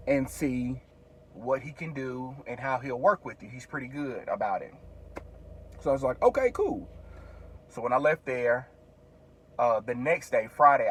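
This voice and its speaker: A man's voice: medium pitch, breathy edge. A man vlogging, casually retelling a frustrating errand in a chatty way, full of "like" and reported dialogue. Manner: chatty, retells conversations with many fillers. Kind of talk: casual storytelling.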